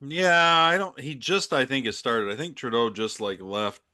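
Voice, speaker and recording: Male host, middle-aged, wry and opinionated, mid pitch, dry room. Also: normal speed, bright, forceful tone, no echo. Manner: wry, sarcastic, laughs often. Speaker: podcast host. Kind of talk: casual opinionated chat.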